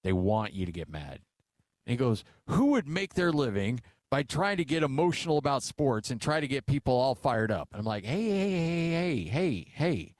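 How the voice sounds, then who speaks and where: A middle-aged man co-hosting a sports radio show, chatting casually on a studio mic. He tells stories animatedly and acts out other people's lines, with plenty of filler uhs. His voice sits at a medium pitch and sounds dry and close, with no room echo. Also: very animated, fairly quick, darkish tone. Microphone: studio microphone.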